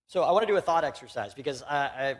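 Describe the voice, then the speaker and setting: A man's voice: on the high side, lively intonation, fast talker. A young man from Houston, Texas, giving a conversational, joking sermon as a pastor in a church and talking directly to the congregation.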